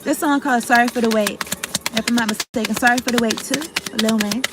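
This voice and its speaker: A woman's voice: on the high side, steady tone, fast talker, very noisy. A woman giving a casual tarot reading to her viewers, rambling, cutting herself off mid-thought and talking in slang with some swearing. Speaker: tarot card reader.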